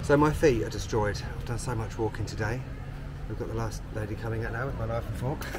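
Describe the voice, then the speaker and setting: Crowd noise surrounds this travel vlogger, a thirty-something Londoner with a London accent whose voice is on the low side, fairly even and rapid. He gives casual, cheeky, self-deprecating commentary to camera from trains, streets and a chip shop.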